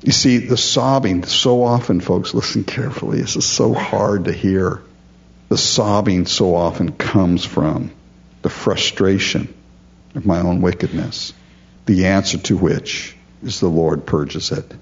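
A man's voice: sits low, measured pace, gravelly, dull audio. A man preaching a sermon, earnest and emphatic, often calling his listeners folks. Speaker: pastor.

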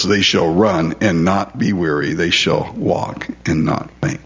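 A man's voice: on the low side, highs cut off. A male pastor preaching a conversational sermon, asking his listeners questions and confessing his own struggles.

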